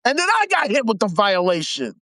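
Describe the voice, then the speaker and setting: A man's voice: sits high, wildly swooping pitch, a little fast, sharp tone, no room sound. A man hosting a live stream, ranting angrily and sarcastically with heavy swearing. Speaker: livestream host. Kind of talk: angry profane rant.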